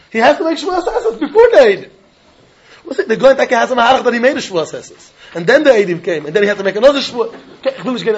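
A man teaching a Talmud class, animated and questioning, mixing in Yiddish and Hebrew terms. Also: very high voice, dull audio.

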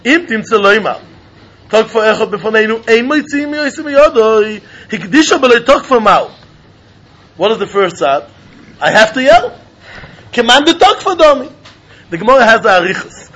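A man teaching a Talmud lesson in an animated, sing-song way, often laughing. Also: very high-pitched, normal speed. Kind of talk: Talmud study lecture. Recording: dull lo-fi recording.

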